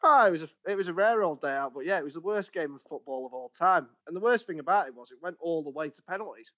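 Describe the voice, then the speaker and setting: Guy cohosting, high pitched, jokey and teasing, kinda dull lo-fi sound. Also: expressive, fast, bright, forceful tone. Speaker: podcast co-host. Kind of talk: casual chat.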